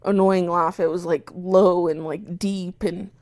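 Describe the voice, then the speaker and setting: A young woman co-hosting a podcast, telling a story in a casual, animated way, swearing often and acting out her own shouts. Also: on the low side, a little slow, no room sound, clean studio sound. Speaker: podcast co-host.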